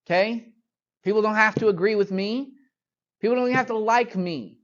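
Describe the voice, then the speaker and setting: A man's voice: high voice, fairly quick, fairly bright tone, highs cut off. Emphatic man teaching a Bible lesson. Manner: conversational and emphatic, with asides and laughs.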